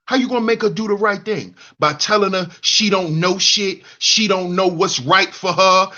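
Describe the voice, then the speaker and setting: A man's voice: sits high, normal speed, few pauses, pushed and bright, lo-fi sound. A man hosting a heated commentary monologue, preaching at other men and mocking them in a whiny put-on voice. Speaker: commentary channel host. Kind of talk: heated monologue reading live chat.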